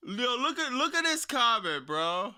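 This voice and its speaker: Bright, smooth-voiced young man reacting. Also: very high voice, measured pace. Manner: laughs often, slangy and animated, says "yo" and "dog". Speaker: wrestling commentary streamer. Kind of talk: casual reaction commentary.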